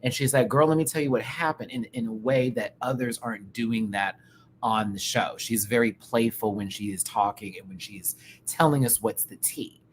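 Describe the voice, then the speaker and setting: A man giving casual live-stream commentary as a show reviewer, animated and campy, with quick asides and laughs. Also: on the low side, slight background noise.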